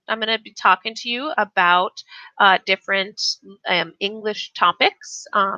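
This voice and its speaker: A woman's voice: mid-range voice, pushed and bright, no room sound, highs cut off. A woman teaching English on a casual live stream, chatting and reading the chat aloud, often restarting her sentences.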